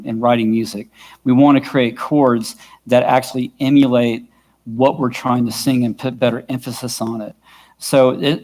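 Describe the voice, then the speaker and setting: Patient and often checking in with his group, a worship music instructor teaches a church worship team's vocal workshop. His voice has medium pitch and a darkish tone, and his own guitar can be heard in the background.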